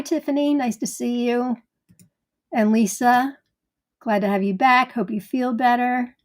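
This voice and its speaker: A woman hosting a live gardening stream in casual chat, greeting viewers by name in a chatty way. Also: a little high.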